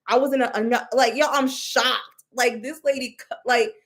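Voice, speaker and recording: A young woman telling a story in a casual, expressive way, exclaiming and mimicking others, with many restarts. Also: fairly high pitch, moderate pace. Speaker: storyteller recounting a reading.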